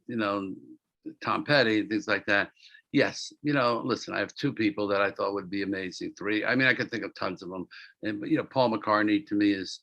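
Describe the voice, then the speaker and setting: Man, interview guest, casual rambling anecdotes, gravelly edge. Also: on the low side, sharp tone, no room sound, poor audio. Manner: rambling, repeats words, acts out quotes. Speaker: entertainment producer, interview guest.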